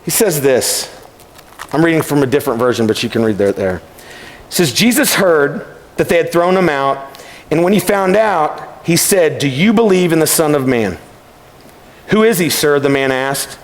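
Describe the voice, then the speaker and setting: A man giving a youth camp sermon, telling stories and acting out voices in an animated way. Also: a little high, normal speed. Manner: animated, acts out voices in the story. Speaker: camp speaker. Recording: long hall reverb.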